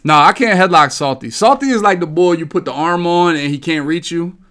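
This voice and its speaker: A man's voice: on the high side, fairly quick. A man hosting a gaming podcast, talking casually with a lot of swearing and rambling stories. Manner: profane, rambling, animated storytelling. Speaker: podcast host.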